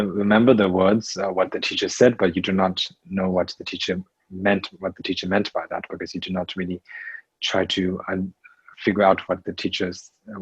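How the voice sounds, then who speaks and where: Slow, halting man teaching Buddhism. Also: sits low, breathy edge, dry recording, highs cut off. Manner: slow, halting, with many fillers and restarts. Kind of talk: Dharma teaching in English.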